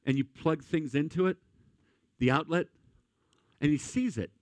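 A man preaching a sermon, a pastor who tells animated, comic stories from family life. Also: fairly high pitch, moderate pace, dry recording.

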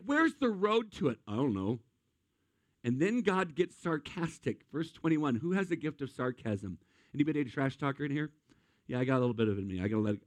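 Lively man preaching with jokes. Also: high voice, dry recording. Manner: animated, acts out voices and asks the crowd questions. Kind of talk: humorous sermon.

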